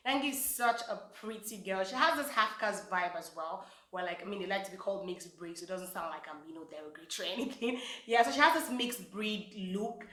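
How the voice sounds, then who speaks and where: A woman's voice: mid-range voice, brisk, hardly any pauses, pushed and bright, roomy sound. Chatty woman. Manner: chatty, gossipy, many fillers. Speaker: vlogger reviewing reality show contestants. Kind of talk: casual chat.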